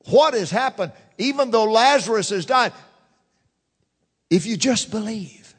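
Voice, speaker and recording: A fervent man preaching a sermon in a church, swinging from loud declarations to hushed murmurs. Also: sits high. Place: church sanctuary. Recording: long church reverb.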